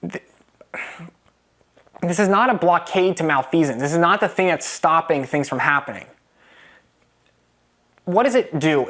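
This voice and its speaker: A man's voice: a little high, fairly bright tone. Rambling casual male tutor. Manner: casual, rambling, many restarts and fillers. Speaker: test prep tutor. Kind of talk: explaining test questions.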